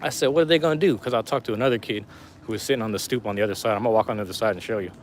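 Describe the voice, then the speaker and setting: A man's voice: on the low side, very fast, slight background noise. Laid-back man streaming from a rainy street. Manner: laid-back, rambling street talk with slang. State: losing his voice. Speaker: live streamer. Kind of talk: casual walking live stream. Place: outdoors on a city street in the rain.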